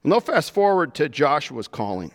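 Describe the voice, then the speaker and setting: A man preaching a sermon to his church, with animated delivery that rises and drops to soft, emphatic lows. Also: normal speed, big-room sound. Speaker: pastor.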